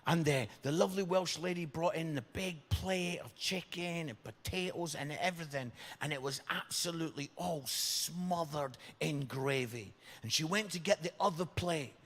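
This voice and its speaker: A man's voice: fairly high pitch, moderate pace, a bit bright. An English man preaching a humorous sermon, telling stories and asking the congregation questions. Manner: jokey, chatty, asks the congregation questions. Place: church hall. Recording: long reverb of a church hall.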